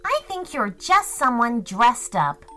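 A woman's voice: a little high, very animated, slow pace, bright, forceful tone, soft background music, pitched above the performer's own voice, heavily acted. A woman voicing a cheerful, plain-spoken young girl. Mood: doubtful.

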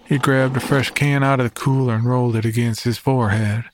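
Man narrator, mid-range voice, calm horror read. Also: medium pitch, a little fast, noisy background. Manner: calm, even storytelling.

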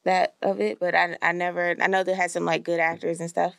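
A woman's voice: lowish voice, little pitch movement, a little fast, gravelly, no echo. A woman appearing as a podcast guest, chatting casually with dry, understated replies. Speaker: guest TV writer. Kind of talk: casual chat. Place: studio.

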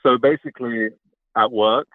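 A man from England calling into a podcast, talking in a soft-spoken, hesitant way with many pauses. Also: mid-range voice, steady tone, no echo. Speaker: caller. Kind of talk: phone-in conversation. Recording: tinny phone line.

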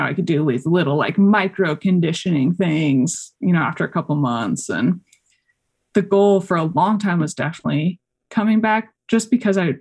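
A young woman from Colorado talks casually as a podcast guest, her voice gravelly with vocal fry and a husky edge. She rambles through her stories with plenty of fillers and now and then acts out what others said. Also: deep voice, darkish tone. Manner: chatty, many fillers, acts out quoted voices. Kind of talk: casual interview chat.

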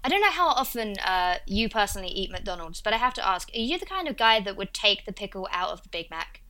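Bright-voiced woman with an Essex accent. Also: medium pitch, fast. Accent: Essex English. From Essex, England. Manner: chatty, animated, playfully indignant. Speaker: guest. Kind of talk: casual podcast chat.

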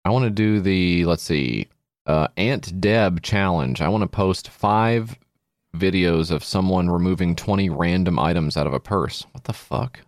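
Male podcast cohost, very low voice, dry close sound, sarcastic and crude. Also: measured pace, no room sound. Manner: sarcastic, crude, reviewing a party game. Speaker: podcast co-host. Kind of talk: comedy podcast chat.

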